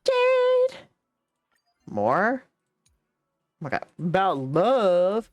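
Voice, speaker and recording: A woman's voice: low-pitched, sing-song, normal speed, no echo, faint music behind. A woman streaming a game, chatty and giggly, reading the dialogue aloud as she plays, with hiccups. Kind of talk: casual game stream commentary.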